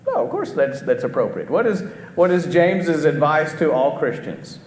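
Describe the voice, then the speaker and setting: A man's voice: a little high, sing-song, normal speed, a little mellow. A middle-aged man preaching a conversational sermon, often asking the congregation questions and restarting his sentences. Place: church auditorium. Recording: echoey hall with faint background noise.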